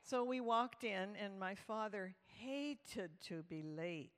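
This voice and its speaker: A woman telling a humorous story to a live audience at a church event, animated and lively. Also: mid-range voice, takes it slowly. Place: large hall with live audience. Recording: reverberant hall.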